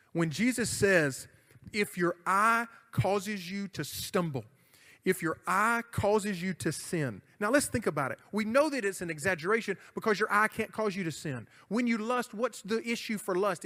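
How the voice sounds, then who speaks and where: A man's voice: sits high, fairly bright tone. A middle-aged man, preaching a youth sermon in an emphatic, conversational way with jokes. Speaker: youth pastor. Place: church hall. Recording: church hall reverb.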